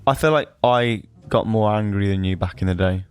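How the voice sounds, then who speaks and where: A man's voice: lowish voice, normal speed, smooth, faint music behind. A man who is a filmmaker and podcast guest, bantering in a dry, self-deprecating way. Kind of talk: casual podcast chat.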